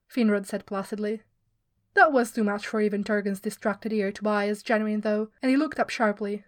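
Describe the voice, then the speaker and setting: A woman's voice: medium pitch, steady tone, moderate pace, dry recording. Woman reading a story, dry close sound. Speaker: podfic reader. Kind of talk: scripted story narration.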